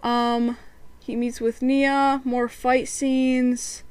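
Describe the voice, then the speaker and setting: A woman's voice: high-pitched, little pitch movement, extremely slow, a little mellow, clear, resonant tone, no echo. Chatty young-sounding woman podcaster. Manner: chatty, giggly, acts out quotes. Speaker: podcast host reviewing a cartoon series. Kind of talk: casual review chat.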